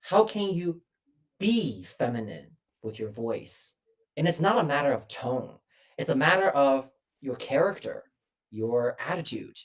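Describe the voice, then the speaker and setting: A woman's voice: very deep voice, big pitch swings, a little slow, distant mic. A woman voice coach, a guest on the show, explaining technique with many hesitations and fillers over a remote call. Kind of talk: instructive interview answers.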